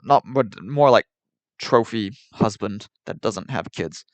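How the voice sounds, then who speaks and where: A man's voice: fairly low pitch, unhurried, no echo. Exasperated man ranting at his stream chat. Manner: exasperated, argumentative, repetitive. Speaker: livestreamer.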